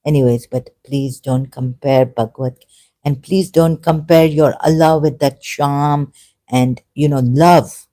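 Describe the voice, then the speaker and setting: Meandering speaker with a mellow voice. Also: mid-range voice. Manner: meandering and halting, with many self-corrections; earnest, grows emotional and emphatic. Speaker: religious commentator. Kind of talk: unscripted personal monologue.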